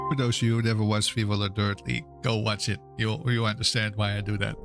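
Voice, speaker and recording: A man giving casual commentary on his own game, with a wry, teasing manner and frequent laughter. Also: fairly low pitch. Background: background music.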